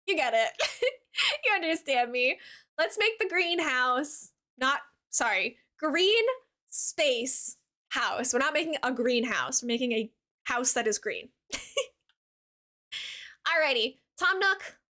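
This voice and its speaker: Woman, streamer, casual game-stream chat, bubbly, giggly, gushing, bright high voice. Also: expressive, a little slow, pauses often. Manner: bubbly and chatty, many "like" fillers, giggly; warm toward chat, gushing. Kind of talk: casual live-stream chat while gaming.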